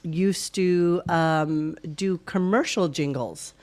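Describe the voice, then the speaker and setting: A woman co-hosting a casual podcast, laughing loudly and often, swearing as she chats. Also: lowish voice, takes it slowly. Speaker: podcast co-host. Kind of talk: casual chat reacting to radio clips.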